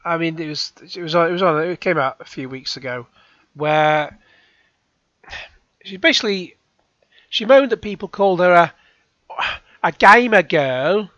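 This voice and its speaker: Man, sarcastic reaction commentary, rambling, fairly high voice, dull dry sound. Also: normal speed, long pauses, a bit bright, dry recording. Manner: rambling, sarcastic, with frequent sighs and restarts. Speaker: YouTube reaction host.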